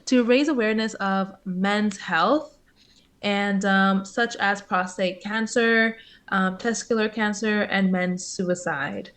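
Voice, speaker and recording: A woman from Canada sitting in as co-host on a podcast, chatting in a relaxed, giggly, somewhat hesitant way. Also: medium pitch, slow pace. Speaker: guest co-host. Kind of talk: casual podcast chat.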